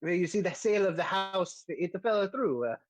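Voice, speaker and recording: A man's voice: high-pitched, lively intonation, normal speed, pitched above the performer's own voice. Man doing a stammering hammy Italian-ish adventurer. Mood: flustered. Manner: hammy put-on Italian accent; stammering, many hesitations.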